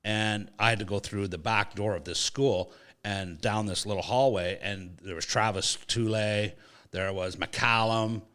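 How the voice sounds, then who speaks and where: A man's voice: lowish voice, a little slow, clean tone. A man hosting a sports podcast, telling a casual anecdote with swearing and acted-out quotes. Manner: animated, swearing, acts out voices in anecdotes. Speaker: podcast host. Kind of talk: casual storytelling chat.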